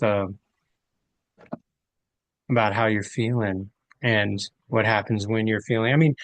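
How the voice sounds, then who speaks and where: A man's voice: medium pitch, a bit bright, dry recording. Male host, teacherly and explanatory; dry, close recording. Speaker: podcast host. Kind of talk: casual conversation.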